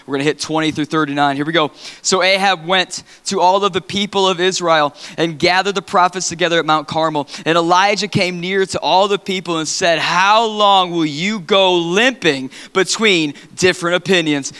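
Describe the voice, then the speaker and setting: A man's voice: a little high, a little fast, sharp tone, clear, resonant tone. A man preaching in a large church hall, reading scripture dramatically with playful asides. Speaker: pastor.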